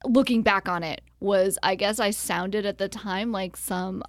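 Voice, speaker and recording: A woman's voice: medium pitch, fairly even intonation, unhurried, no echo, studio quality. A woman chatting on a comedy podcast, telling a story with giggles. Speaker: podcast co-host. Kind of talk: casual comedy podcast chat.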